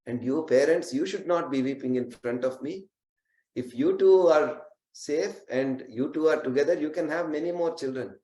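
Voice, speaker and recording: A man's voice: on the high side, normal speed, mellow, close to an everyday voice. A man voicing a young daughter who earnestly persuades her parents to let her go. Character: young dutiful daughter, brave and selfless. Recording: roomy echo.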